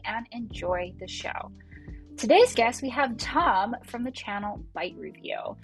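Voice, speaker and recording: A woman with a Californian American accent hosting a casual chat, bubbly and laughing often. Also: medium pitch. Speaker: host. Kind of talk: casual video-call chat.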